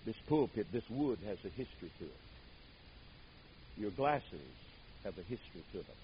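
An older man preaching a sermon, telling stories dramatically, booming out some words and dropping others to a hush. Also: animated, moderate pace, dull audio, slight background noise. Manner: dramatic storytelling, swings from booming to hushed.

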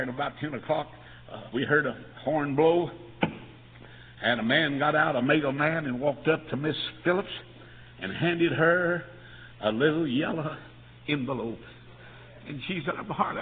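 A man preaching a revival sermon, telling stories that rise into shouted climaxes. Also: a little high, slightly rough. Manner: storytelling, building to shouted climaxes. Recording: tinny lo-fi recording in a reverberant hall.

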